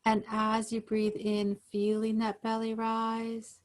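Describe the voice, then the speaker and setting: A woman yoga instructor gently guiding breathing exercises over a video call. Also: fairly high pitch, completely flat delivery. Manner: slow, gentle, soothing guidance.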